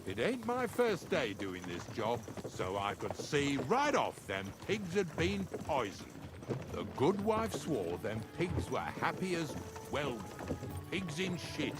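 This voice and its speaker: A man's voice: on the high side, huge pitch swings, takes it slowly, music in the background, full character voice. An actor playing a coarse, joking male knacker in a video game, blunt and folksy. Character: coarse, joking male knacker who hauls dead animals. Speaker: game character. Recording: game audio with loud ambient noise.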